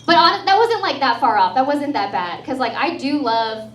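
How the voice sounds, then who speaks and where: A woman's voice: high-pitched, sing-song, normal speed, fairly bright tone. A woman in her thirties from Texas doing a chatty, sarcastic stand-up comedy set and laughing at her own jokes. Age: 30s. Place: comedy club in front of a live audience. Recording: roomy club sound from a distant mic, audience laughter. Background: crowd laughing and cheering.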